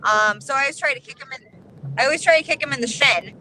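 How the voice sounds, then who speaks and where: A woman, a paranormal investigator guest, chatting casually and telling a story in quick, animated bursts from a moving vehicle. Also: high voice, slight background noise, poor audio. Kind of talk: casual chat.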